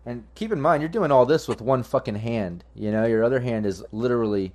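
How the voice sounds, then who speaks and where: A man narrating a tabletop game as game master. He talks casually and with profanity, stopping and restarting as he thinks, in a mid-pitched voice. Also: brisk, darkish tone.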